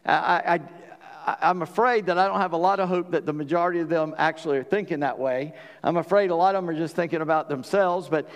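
A middle-aged man preaching a sermon, folksy and conversational, often restarting his phrases. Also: high voice. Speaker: pastor. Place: church sanctuary. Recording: long hall reverb.

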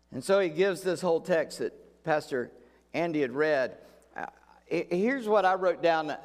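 A man's voice: on the high side, lively intonation, measured pace, big-room sound. A male pastor preaching a sermon in a folksy, conversational way, repeating key phrases for emphasis.

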